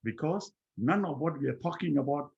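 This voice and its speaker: Husky-voiced man telling a personal story. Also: on the high side, animated, a little mellow, muffled recording. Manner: slow, repetitive, with many restarts. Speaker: guest speaker.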